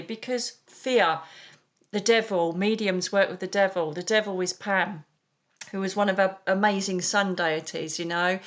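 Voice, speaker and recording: A middle-aged British woman, a psychic medium, talking in an animated, chatty way as an interview guest and calling people darling. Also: mid-range voice. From United Kingdom. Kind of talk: casual interview chat.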